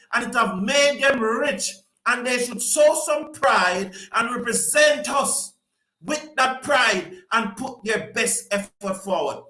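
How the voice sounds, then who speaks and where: A high-pitched, bright-toned man chatting on a live stream. He reads viewer comments and greets people by name as he talks. The sound is echoey, like a bare room. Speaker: host reading viewer comments.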